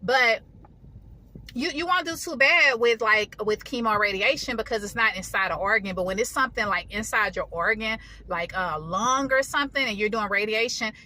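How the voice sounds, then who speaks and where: A woman's voice: a little high, sharp tone. A woman, telling a personal story in a casual vlog from her parked car, chatty and informal, talking straight to her viewers. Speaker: vlogger. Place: parked car in a public area.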